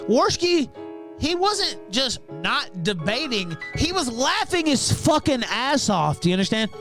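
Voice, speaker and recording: Male stream host, profane mocking ranter, lively high voice. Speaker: livestream show host. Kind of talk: ranting commentary.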